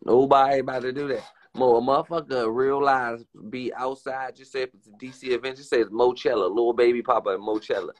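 A man's voice: mid-range voice, steady tone. A young man hosting a live stream, ranting in a casual, profane, emphatic way and mimicking other people's lines. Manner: acts out others' lines in quick put-on voices.

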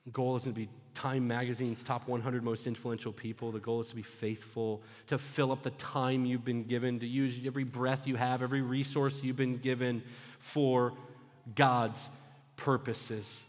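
A male pastor preaching a sermon, telling stories and moving between loud, urgent exhortation and hushed, low retelling. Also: little pitch movement, normal speed. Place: church sanctuary. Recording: long church hall reverb.

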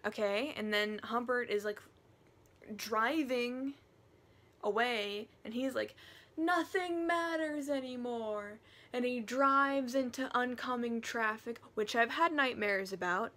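A woman talking through her monthly reading in a chatty, animated book review vlog, now and then dropping to a whisper. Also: on the high side, slow.

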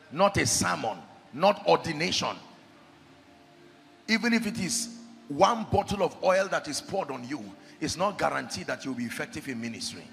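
Gravelly, high-pitched shouting preacher. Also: male voice. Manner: shouting and sing-song preaching. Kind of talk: impassioned sermon. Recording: echoey hall with faint music.

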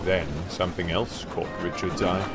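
A man narrating a storybook in an expressive storytelling manner. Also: sits low, normal speed, over loud music.

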